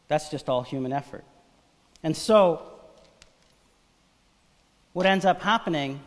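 A pastor preaching a sermon in an animated style, swinging between loud emphasis and quiet asides. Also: male voice, fairly high pitch, big-room sound. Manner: animated preaching, acts out voices of biblical figures.

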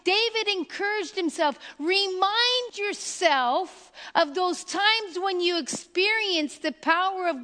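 Woman preacher, high voice, emphatic sermon delivery, long reverb of a big hall. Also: fairly bright tone. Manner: emphatic preaching, slowing on key phrases.

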